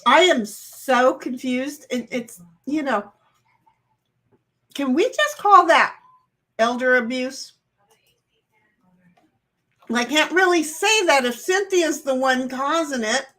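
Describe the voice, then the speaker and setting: A woman's voice: high voice, animated, slow, pauses often, fairly bright tone. A woman hosting a livestream alone, chatting casually with her viewers, reading out their comments and rambling in a playful, self-deprecating, confused way.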